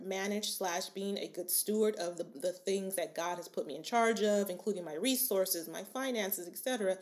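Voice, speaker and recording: Chatty woman talking to her listeners. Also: medium pitch. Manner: chatty, rambling, warm asides to listener; frequent fillers and restarts, laughs often. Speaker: podcast host. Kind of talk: casual solo podcast chat.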